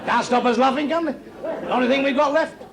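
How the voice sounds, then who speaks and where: A man's voice: very high voice, fairly quick. A man doing a stand-up routine, telling blunt, crude jokes to a live club audience. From England. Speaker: stand-up comedian. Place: comedy club stage. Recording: live club recording with noisy laughing crowd. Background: audience laughter and chatter.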